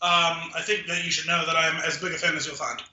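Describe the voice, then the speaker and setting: High, bright-voiced man in a roomy space. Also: flat delivery, fast talker, muffled recording. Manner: rambling storyteller, dry jokes, frequent "like". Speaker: podcast co-host. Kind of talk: casual chat. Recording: roomy echo.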